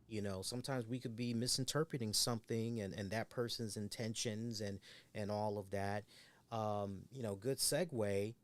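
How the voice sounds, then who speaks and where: A male co-host on a laid-back podcast rambles along at a normal pace, his voice lowish and steady. He swears as he imitates the voices of the people he's quoting.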